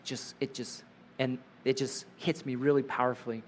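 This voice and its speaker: A man leading a group through a guided breathing prayer, talking gently and slowing down to softly repeat a short prayer phrase. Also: mid-range voice, little pitch movement, a little hiss or hum. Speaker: leader of a guided prayer session. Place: live in front of a group.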